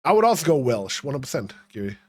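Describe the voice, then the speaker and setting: A man's voice: mid-range voice, very animated, quick pace, breathy edge, no room sound, clean studio sound. A young man streaming a game, chatting casually with viewers, rambling and swearing freely. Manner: swearing, rambling, talking to chat. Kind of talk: casual livestream commentary.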